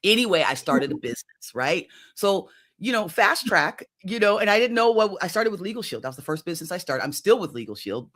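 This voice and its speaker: A woman in her fifties, a coach, telling her own story in an interview in a lively, conversational way and often checking in with "right?". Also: fairly low pitch, a little fast, few pauses. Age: 50s. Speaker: executive coach guest.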